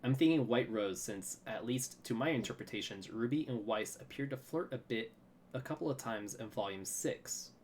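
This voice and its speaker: A man's voice: mid-range voice, lively intonation, normal speed, darkish tone. A man hosting a podcast in casual chat, telling stories and laughing often. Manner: chatty storyteller, laughs often. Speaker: podcast host.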